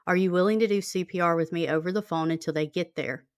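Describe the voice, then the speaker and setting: A woman's voice: lowish voice, steady tone, fast talker, clean tone, no echo, clean studio sound. A woman hosting a true-crime podcast, reading out a call transcript in a plain conversational way with many fillers. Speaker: podcast host.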